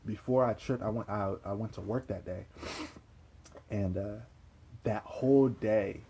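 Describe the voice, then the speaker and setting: A young man casually telling a personal story, animated and profane, repeating himself and laughing. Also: fairly low pitch, unhurried, slightly rough. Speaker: vlogger.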